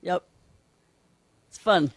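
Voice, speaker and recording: A man's voice: drawn-out words, noisy background. A man from Brazil, a guest drummer, patiently explaining and counting rhythms aloud in a drum lesson.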